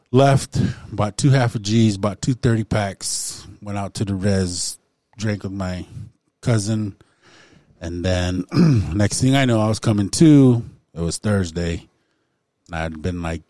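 Low-voiced man, halting testimony at a recovery meeting, lots of throat-clearing, dry close sound. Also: warm tone, no echo. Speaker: recovery group member sharing. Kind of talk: personal testimony in a recovery circle.

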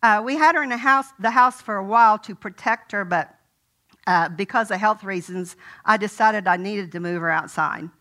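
A woman's voice: mid-range voice, normal speed, fairly bright tone. An older woman preaching a sermon in a folksy, conversational way, telling a personal story.

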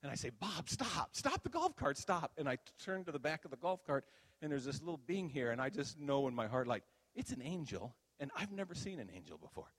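An older minister talks fast as he delivers a conversational sermon testimony, his stories becoming animated at their high points. He's heard in a large hall.

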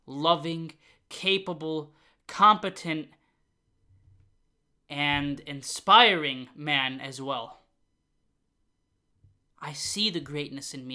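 A man with a high, bright voice hosts a motivational podcast. He talks earnestly and builds himself up with repeated phrases. At times he turns loud and fired up. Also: smooth. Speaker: podcast host.

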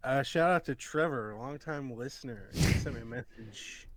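A man co-hosting a casual gaming podcast. He tells relaxed stories packed with fillers. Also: medium pitch, moderate pace, very noisy. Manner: relaxed storyteller, heavy with fillers. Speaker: podcast co-host. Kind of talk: casual chat.

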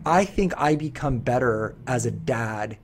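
A man's voice: mid-range voice, animated, unhurried, noisy background. A middle-aged man hosting a podcast, talking in an earnest, rambling way with many restarts. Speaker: podcast host. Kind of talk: casual podcast chat.

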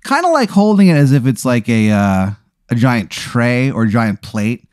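A man's voice: medium pitch, moderate pace, clean tone, no echo, clean studio sound. A man hosting a podcast, rambling through an improvised comedy bit and slipping into goofy voices. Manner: animated rambling storyteller with goofy put-on voices. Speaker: podcast host.

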